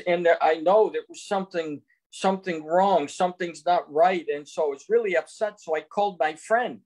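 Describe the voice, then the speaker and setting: A man's voice: on the high side, moderate pace, hardly any pauses, darkish tone. An older man on a video call telling an earnest faith testimony, recounting conversations in quotes. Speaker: guest giving testimony. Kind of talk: testimony storytelling.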